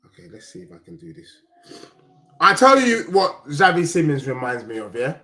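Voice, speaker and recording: A man ranting heatedly about football in street slang, often shouting. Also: fairly high pitch, very animated, normal speed. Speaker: football fan channel host. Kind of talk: angry fan rant with sung parody.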